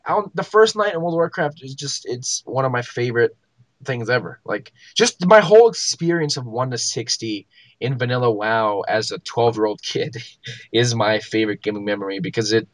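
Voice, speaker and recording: A man's voice: mid-range voice, expressive, moderate pace, no room sound. A young man co-hosting a gaming podcast, telling stories in casual chat with many likes and ums. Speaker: podcast co-host.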